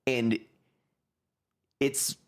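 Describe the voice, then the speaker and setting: A man with a Western New York accent, telling a story in casual podcast chat, full of filler words. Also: drawn-out words.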